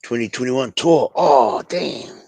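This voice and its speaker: A man's voice: mid-range voice, takes it slowly, gravelly, darkish tone, breathy edge, no echo. A man with a New Zealand accent hosting a casual fan livestream, laid-back and slangy, calling everyone bro. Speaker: fan show host.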